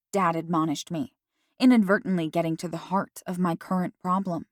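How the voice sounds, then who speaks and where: A woman's voice: lowish voice, steady tone, moderate pace, no room sound. Woman narrating an audiobook, dry.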